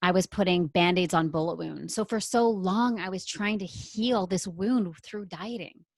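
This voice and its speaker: A woman from Canada, a podcast guest telling a personal story in a lively way and acting out what she said back then. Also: fairly low pitch, moderate pace, no room sound, rough recording. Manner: animated, acts out her own past lines. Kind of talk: storytelling interview answer.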